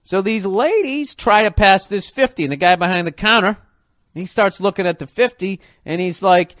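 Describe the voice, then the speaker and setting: A man with a fairly high voice for his sex tells a story as a profane comic rant. He keeps it animated and slips into quick impressions of the people involved. The sound is dry and close, with no room echo.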